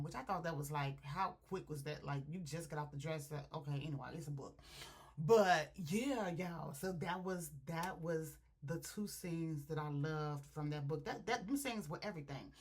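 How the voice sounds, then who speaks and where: A woman reviewing a book, retelling scenes in an animated, chatty way and talking straight to her viewers. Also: low voice, normal speed, breathy edge. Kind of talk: casual story retelling.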